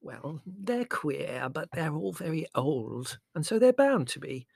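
A man voicing a vague, fussy middle-aged mother who is mild, flustered and gently reproving. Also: fairly high pitch, very animated, slow, vocal fry, husky, no echo, voice pushed up, exaggerated voice.

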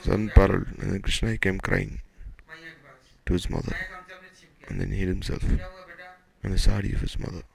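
A man's voice: low-pitched, level tone, normal speed, vocal fry, pauses often, poor audio. A man retelling devotional stories loosely and repetitively, acting out the characters' dialogue as he goes. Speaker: devotional storyteller.

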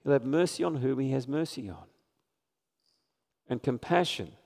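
A man's voice: medium pitch, animated, normal speed, a little mellow. A man preaching a sermon in a church, earnest and conversational, putting questions to his congregation. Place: church sanctuary. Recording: live church stream with long reverb.

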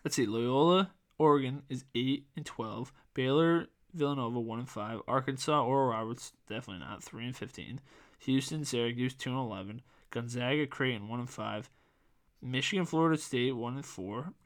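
A man in his twenties hosting a sports podcast in casual chat, rambling with lots of fillers and restarts, his voice going a bit hoarse. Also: medium pitch, normal speed. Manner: rambling, filler-heavy, self-correcting. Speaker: podcast host.

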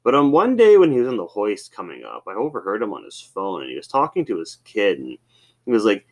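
A man's voice: lowish voice, wildly swooping pitch, a little fast. A man hosting a podcast, telling rambling, casual stories with many fillers. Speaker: podcast host. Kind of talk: casual storytelling.

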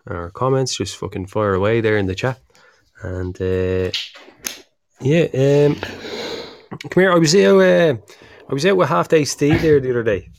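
A man's voice: mid-range voice, gravelly, dry recording, studio quality. An Irish man co-hosting a climbing podcast, telling rambling stories in casual chat with plenty of fillers and swearing. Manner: rambling storyteller, swears freely, many fillers. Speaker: podcast co-host.

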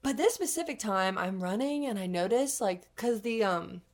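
A young adult woman telling stories on a podcast in casual chat, animated and swearing freely, with constant "like" fillers. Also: medium pitch, moderate pace. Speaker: podcast co-host.

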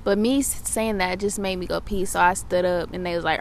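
Animated, profane young woman telling a story. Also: on the low side, a little fast, a little hiss or hum. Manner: profane, animated retelling of her day. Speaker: podcast host. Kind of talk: casual storytelling monologue.

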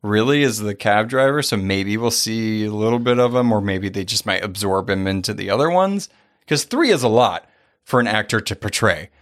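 A man co-hosting a podcast in casual chat, animated, often laughing, his pitch jumping high when excited. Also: moderate pace. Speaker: podcast co-host.

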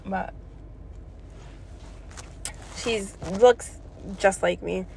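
A woman's voice: mid-range voice, very slow, gravelly, a little mellow, a little hiss or hum. A young woman telling a story in a blunt, profane casual rant, laughing between lines. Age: young adult. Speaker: vlogger.

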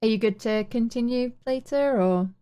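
A woman hosting an interview, asking gentle, unhurried questions. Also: fairly high pitch, a little hiss or hum. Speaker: podcast host. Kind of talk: interview conversation.

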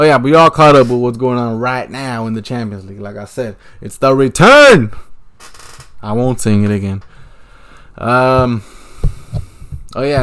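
A man hosting a podcast, casually commentating a football match as he watches it, swearing often and jumping between laid-back talk and excited outbursts into a handheld mic. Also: medium pitch. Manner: profane, excitable reactions. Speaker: podcast host.

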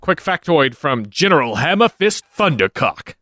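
A man's voice: a little high, big pitch swings, moderate pace, pushed and bright, no echo, clean studio sound. A man co-hosting a podcast in casual chat, rambling and laid-back with lots of fillers. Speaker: podcast co-host.

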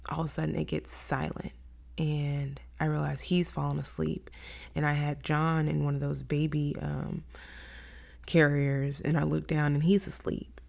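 A woman's voice: deep voice, creaky, a little mellow. A young woman hosting a faith-based podcast, telling a candid personal story and acting out her own quoted thoughts. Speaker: podcast host.

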